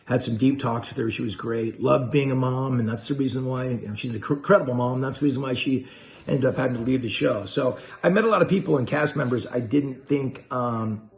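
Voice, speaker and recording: A man's voice: medium pitch, fairly quick, vocal fry. A man hosting a casual chat video, laid-back and enthusiastic, full of slang.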